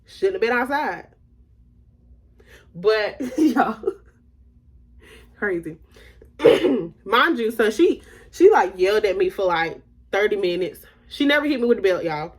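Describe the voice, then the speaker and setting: A woman's voice: medium pitch, lively intonation, measured pace, long pauses, husky. A young adult woman telling her viewers a story in a slangy, casual storytime, often laughing as she talks. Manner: chatty and slangy, addressing viewers as y'all.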